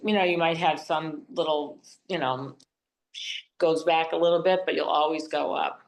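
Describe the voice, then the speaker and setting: A woman in her seventies talks casually as an interview guest, her voice sitting a little low. She tells stories with energy and slips into other people's voices as she quotes them. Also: moderate pace, poor audio. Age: 70s. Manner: animated storytelling, acting out other people's lines.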